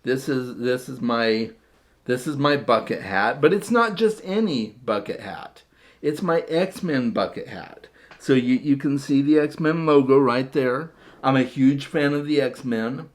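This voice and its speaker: A man talks casually to his camera with a middle-pitched voice. His speech is chatty and rambling, full of repeated words and self-deprecating asides. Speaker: vlogger showing his hat collection.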